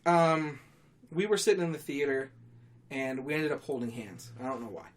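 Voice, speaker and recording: A man's voice: medium pitch, moderate pace. A young man hosting a podcast, rambling through a story with crude teasing and frequent laughs. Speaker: podcast host. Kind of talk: casual storytelling banter.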